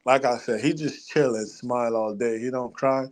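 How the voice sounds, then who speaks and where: A young man co-hosting a sports talk show, talking in a relaxed, casual way and laughing often. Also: mid-range voice, normal speed. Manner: laid-back, laughs often. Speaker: podcast co-host.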